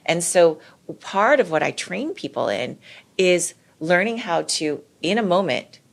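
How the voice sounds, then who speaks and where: Low, gravelly-voiced woman explaining calmly. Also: measured pace. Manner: explanatory, lively, acts out quoted voices. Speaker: clinical psychologist guest. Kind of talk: casual podcast conversation.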